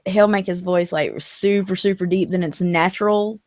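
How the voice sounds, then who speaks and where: A chatty Southern woman co-hosting a live stream, heard close and dry with no room sound. She gets animated when she acts out what other people said to her. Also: lowish voice, normal speed, no room sound. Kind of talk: casual live-stream chat.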